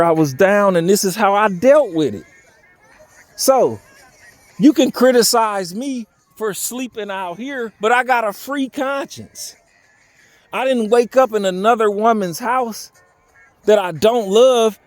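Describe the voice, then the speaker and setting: A man's voice: high voice, a little mellow. A young man talking candidly in a personal vlog outdoors, earnest and pleading, his voice unsteady from crying. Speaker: vlogger. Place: outdoors by a railroad bridge.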